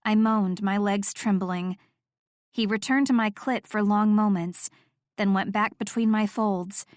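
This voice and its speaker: A woman reading first-person audiobook narration with steady, intimate storytelling. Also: medium pitch, unhurried, no room sound, studio quality.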